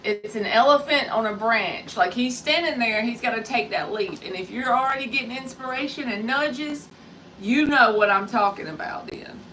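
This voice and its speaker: Woman, 30s, casual live tarot reader, crisp bright tone, set back from the mic. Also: fairly high pitch, moderate pace, distant mic, slight background noise, rough recording. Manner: chatty, greets viewers by name. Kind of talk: live-stream tarot reading.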